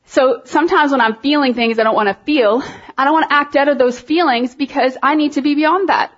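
A woman giving an informal, conversational sermon, talking with animated emphasis and lots of fillers. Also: sits high, brisk, lo-fi sound. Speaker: preacher.

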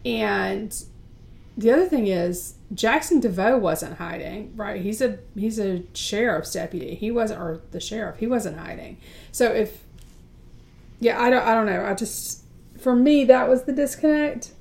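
A woman's voice: medium pitch, measured pace, gravelly, a little mellow. Chatty American woman co-host. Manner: chatty, many fillers and restarts. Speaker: book podcast co-host. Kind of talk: casual chat.

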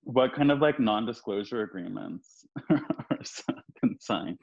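Low slow guy hosting a podcast, keeps giggling, kinda dull lo-fi sound. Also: animated, creaky. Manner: giggly, teasing. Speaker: podcast host. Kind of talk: casual chat.

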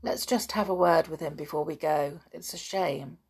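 Woman narrator as level-headed older boy, steady and reassuring, a creaky edge. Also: deep voice, normal speed. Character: sensible older schoolboy leader.

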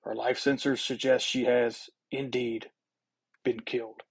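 Guy doing a young sci-fi king, serious and commanding, kinda husky voice, middle pitch. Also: little pitch movement, measured pace. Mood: grave. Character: young determined male space king.

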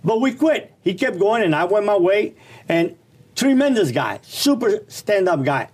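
A middle-aged man telling his life story in a casual, animated, slangy and blunt way. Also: sits high, a little slow, breathy edge.

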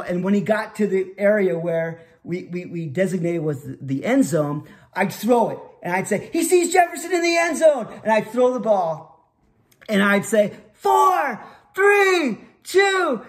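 A man with a fairly high voice tells a nostalgic story from his childhood. He rambles and restarts his sentences, then breaks into loud, shouted sportscaster calls.

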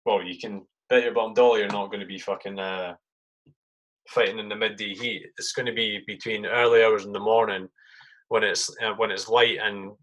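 A man's voice: fairly low pitch, fairly bright tone, low-quality recording. A man from Britain hosting a podcast with an army comrade, talking in a loose, rambling way and swearing freely. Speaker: podcast host. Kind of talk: casual chat.

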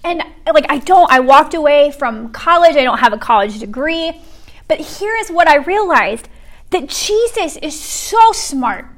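A young woman with a high voice preaches in a chatty, earnest way, scattering "like" through her sentences. She sometimes drops to a near whisper when she quotes someone. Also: expressive, a little slow. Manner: earnest, chatty, frequent "like" fillers, drops to a hush for quoted words. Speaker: pregnancy center ministry speaker. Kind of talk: casual sermon talk.

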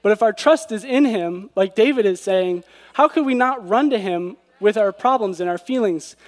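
A man with a high voice delivers an earnest devotional sermon, often turning to his listeners with rhetorical questions. His words ring out in a hall with a long, lingering reverb. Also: moderate pace. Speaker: preacher.

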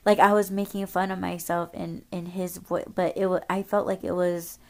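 A woman's voice: on the low side, level tone, normal speed. A woman podcast host telling a story casually, rambling, swearing often and using lots of filler words.

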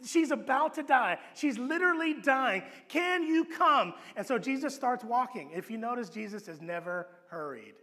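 A man preaching a sermon as pastor, telling the story with animated acted-out voices and dropping to a low hush for emphasis. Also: normal speed, few pauses. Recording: long hall reverb.

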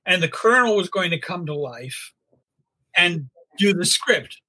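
An older man telling a lively anecdote in casual chat, laughing and acting out quotes as he goes. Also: high-pitched, a little slow, breathy edge, rough recording. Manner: animated, laughing storyteller who acts out quotes. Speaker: storyteller guest.

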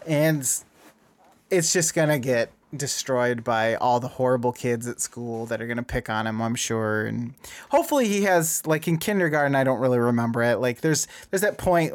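A man in his thirties telling a story in casual chat, lively and acting out dialogue with a raised voice. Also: medium pitch, moderate pace, no echo. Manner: animated, acts out dialogue in a raised voice.

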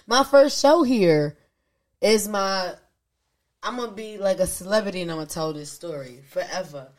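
At a moderate pace and in a mid-range voice, a woman tells a story on the podcast she co-hosts. Animated throughout, she voices the quotes of the people involved in a casual way.

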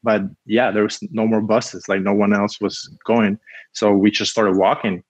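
A man's voice: fairly low pitch, little pitch movement, moderate pace, dry recording. A man from Cuba, a guest telling a story in a rambling casual way, full of "like", acting out what people said. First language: Spanish. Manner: rambling, heavy use of "like", acts out quotes.

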